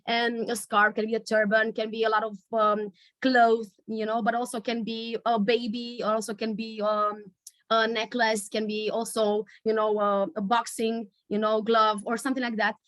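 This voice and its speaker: Woman teaching improv on a video call, lots of ums, kinda high voice, dry close sound. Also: little pitch movement, normal speed, a bit bright, no room sound. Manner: hesitant, searching for words, many fillers. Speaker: storytelling workshop leader. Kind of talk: online workshop teaching.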